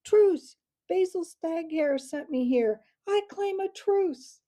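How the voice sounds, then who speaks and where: A woman's voice: on the high side, measured pace, gravelly, warm tone, breathy edge, full character voice. A woman voicing an earnest, breathless young male mouse warrior in a storybook reading. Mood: shouting.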